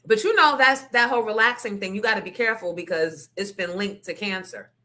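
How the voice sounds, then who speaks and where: A woman hosts a casual podcast, speaking fairly quickly in a mid-range voice with a sharp tone. She tells candid, profane stories and throws in asides to her listeners.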